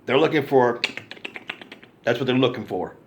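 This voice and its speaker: A man's voice: medium pitch, animated, normal speed, background noise. A man telling an angry, profane story to camera in a ranting monologue, repeating himself for emphasis. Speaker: vlogger.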